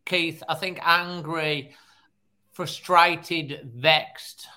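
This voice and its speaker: A man's voice: fairly high pitch, steady tone, drawn-out words, sharp tone. A man hosting a football fan chat, handing the floor to guests by name. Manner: hands over to guests by name. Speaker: show host.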